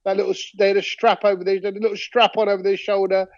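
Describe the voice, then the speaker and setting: Man, high voice, animated slangy storyteller, casual podcast chat, dry muffled phone audio. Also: rapid-fire, no echo. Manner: animated storyteller, slangy, laughs while talking. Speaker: podcast co-host. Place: at home. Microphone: talking into a phone over a video chat.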